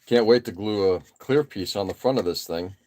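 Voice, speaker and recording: A man's voice: on the low side, moderate pace, a little hiss or hum. A man in his forties hosting a live stream, chatting casually and rambling with many fillers while he works on a model kit. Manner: relaxed, rambling, frequent uh fillers and self-deprecating asides. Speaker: live stream host building model kits. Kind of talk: casual chat while working.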